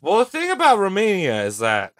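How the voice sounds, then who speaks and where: A man's voice: high voice, wildly swooping pitch, brisk. A man co-hosting a podcast, tossing in joking asides. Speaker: podcast co-host. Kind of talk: casual banter.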